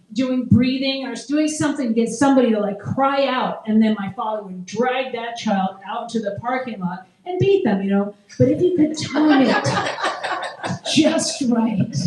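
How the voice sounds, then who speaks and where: Recorded from a distance in an echoey room, a middle-aged woman works through a stand-up set at an open mic comedy show. Her voice is on the high side and mellow, and she chats with the crowd, makes jokes at her own expense, and laughs along with them.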